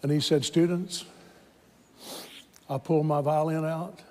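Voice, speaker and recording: High-voiced Southern preacher in a big hall. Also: male voice, measured pace, slight background noise. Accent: Southern American. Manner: animated, quoting voices and rising to shouts of praise. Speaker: pastor. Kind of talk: sermon storytelling. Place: large church hall with congregation. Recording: reverberant church hall with crowd.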